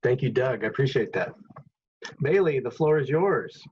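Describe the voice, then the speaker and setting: A man hosting an online event, briskly organizing who speaks next. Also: mid-range voice, animated, muffled recording. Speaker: event host. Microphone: video call.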